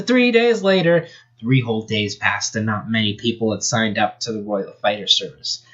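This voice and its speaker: A man's voice: lowish voice, animated, moderate pace, a bit bright, breathy edge, dull audio. Young man reading a fan story aloud. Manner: chatty, laughs at the text, off-script asides. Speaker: amateur story reader.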